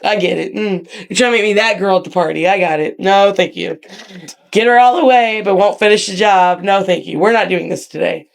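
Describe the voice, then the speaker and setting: A woman telling animated, profane stories in a casual interview as a guest, acting out quotes with big jumps in her voice. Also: medium pitch, a little fast, gravelly, few pauses. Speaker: guest wrestler.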